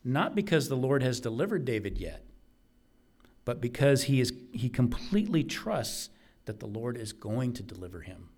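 A man's voice: mid-range voice, big pitch swings, normal speed, darkish tone. A man preaching a sermon, earnest and emphatic, repeating key phrases for weight.

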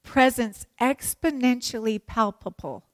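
A woman's voice: on the high side, measured pace, no echo. Emphatic woman teaching a sermon. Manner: animated and emphatic, acts out prayers and quotes; playful, joking asides. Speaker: women's Bible teacher.

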